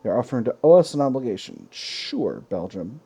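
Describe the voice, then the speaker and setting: A man hosting a let's play, thinking aloud in a relaxed way as he plays a strategy game. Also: medium pitch, brisk, breathy edge. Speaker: gaming channel host.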